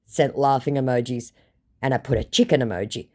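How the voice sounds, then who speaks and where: Low-voiced blunt Australian woman. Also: fairly quick, darkish tone. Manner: blunt, sarcastic, swears freely. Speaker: scam-baiting channel host. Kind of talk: casual storytelling recap.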